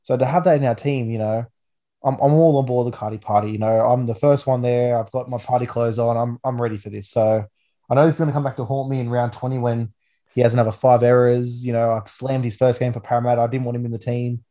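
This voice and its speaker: A man's voice: mid-range voice, fairly even intonation, fast, warm tone. A man in his twenties with an Australian accent, hosting a casual rugby league chat with enthusiastic, rambling talk full of restarts. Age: 20s. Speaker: podcast host.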